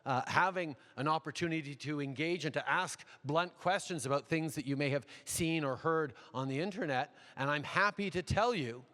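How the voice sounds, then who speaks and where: A man, a politician, answering audience questions at a town hall in a measured way, repeating phrases and using frequent fillers. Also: a little high, bright, forceful tone. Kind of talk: unscripted public Q&A answers. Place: large university hall. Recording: long echo of a big hall.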